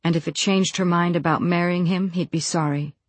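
Audiobook narrator, measured storytelling, dry close sound, mid pitch. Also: fairly even intonation, no room sound. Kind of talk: scripted narration.

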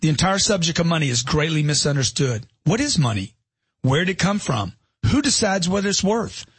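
Husky, emphatic middle-aged man. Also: a little high, fairly bright tone, no echo. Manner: emphatic, punchy, rhetorical questions. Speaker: self-help author. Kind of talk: motivational narration.

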